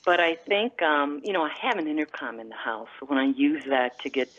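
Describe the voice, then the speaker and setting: Low-voiced woman caller on a muffled line. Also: fairly bright tone. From Midwest US. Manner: rambling, halting with many fillers. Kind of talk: phone-in chat.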